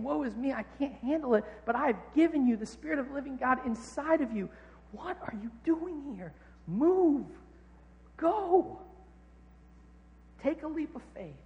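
A man voicing God, speaking in a soft, urging whisper. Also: extremely high pitch, gravelly, big-room sound, lo-fi sound, voice pushed up, exaggerated voice.

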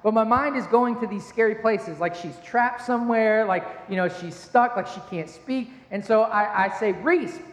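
A man in his thirties preaches a sermon in a relaxed, self-deprecating manner, weaving in everyday anecdotes. His voice sits noticeably high for a man. The sound carries the long, echoing reverb of a large church hall. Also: moderate pace, few pauses. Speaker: pastor. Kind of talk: sermon with personal storytelling.

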